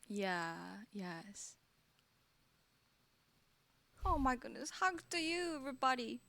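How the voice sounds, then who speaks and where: A woman's voice: high voice, very animated, a little slow, pushed and bright. A woman with a mixed Australian and British accent, chatting casually as a guest on a livestream, bubbly and laughing often. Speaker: guest singer.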